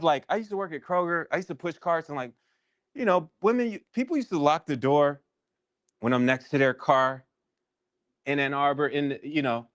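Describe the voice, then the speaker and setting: A man with a deep voice leading a workshop session, telling a candid personal story in a reflective, halting way with many restarts. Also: dry recording.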